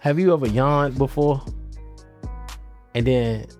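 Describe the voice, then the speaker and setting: Talking loosely to camera on his own channel, this man rambles in slang and keeps starting over. He speaks slowly in a medium pitch that sounds a little mellow, with faint guitar music behind him.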